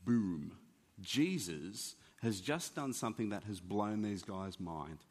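A man preaching a sermon in an animated, conversational teaching manner. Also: lowish voice, takes it slowly, breathy edge. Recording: long hall reverb.

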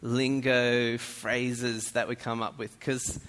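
A man's voice: mid-range voice, flat delivery, slow, a bit bright, a little hiss or hum. An Australian man giving a playful, joking talk to an audience in a large hall. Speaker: speaker addressing an audience. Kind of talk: humorous stage talk. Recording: echoey hall.

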